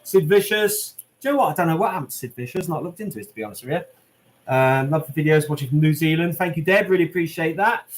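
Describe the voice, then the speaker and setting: Here a British man on the high side talks fast as he hosts a live Q&A stream. He's chatty, reading viewer comments aloud and answering the live chat casually, with many an "um" and "mate."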